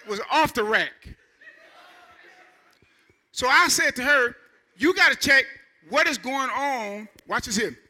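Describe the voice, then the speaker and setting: Middle-aged male pastor, chatty preaching that climbs to shouts, high tense tone. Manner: animated, conversational preaching with rising shouts. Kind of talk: sermon.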